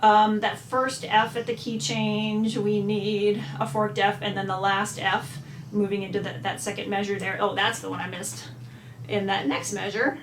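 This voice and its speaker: Speaking a little slowly with fairly even intonation, a mid-range female music teacher talks through an instrument lesson conversationally and now and then sings phrases on syllables. Expect an echoey room, faint ambience, and a touch of hiss or hum.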